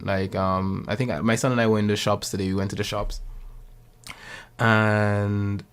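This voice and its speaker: A man, telling stories in a casual chat and acting out the voices in them. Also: lowish voice. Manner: animated storyteller, acts out quotes. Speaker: podcast guest.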